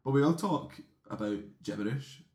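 A man's voice: mid-range voice, animated, moderate pace. A young Scottish man hosting a casual podcast chat, rambling and cutting himself off mid-thought. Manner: rambling, self-interrupting, chatty. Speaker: podcast host. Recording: roomy echo.

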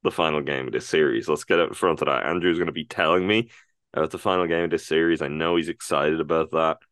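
A male podcast co-host in casual chat, groggy and just awake, talking in a rambling, halting way. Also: extremely low pitch, fairly even intonation, a bit bright, dry recording, clean studio sound.

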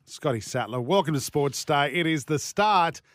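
A man with an Australian accent hosting a radio sports show in a relaxed, joking, conversational way. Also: on the high side, normal speed, no room sound, studio quality. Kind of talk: casual radio sports chat.

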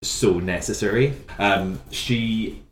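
A man, co-hosting a podcast in a casual chat about musical theatre, chatty and quick to jump into high notes. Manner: chatty, animated, bursts into high sung notes. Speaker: podcast co-host. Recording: echoey room, faint background noise.

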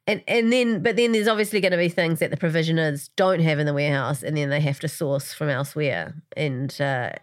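A woman co-hosting a casual recap chat, joking and rambling through animated tangents. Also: deep voice, a little fast, few pauses. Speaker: podcast co-host.

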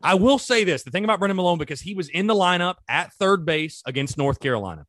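A man hosts a solo sports podcast, speaking casually and animatedly straight to his listeners. His voice sits high and fairly bright, his pace is quick, and there's no room sound.

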